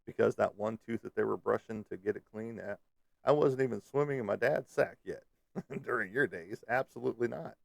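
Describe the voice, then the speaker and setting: A man's voice: on the low side, a little fast, gravelly, no room sound, clean studio sound. A man hosting a live stream, chatting casually with viewers in a rambling, joking way with lots of fillers. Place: Kansas City area.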